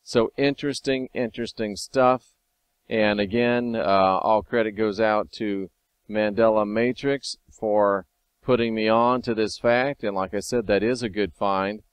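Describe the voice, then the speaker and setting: A man hosting a casual video monologue, talking wryly and sometimes excitedly as he reads and comments on scripture. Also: on the low side, a little slow, smooth, no room sound. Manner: conversational, wry, sometimes excited. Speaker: video host.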